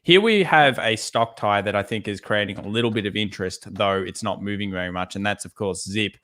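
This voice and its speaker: A man co-hosting a live trading show, talking through charts in a relaxed way and repeating words for emphasis. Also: on the low side, a little fast. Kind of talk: live market analysis chat.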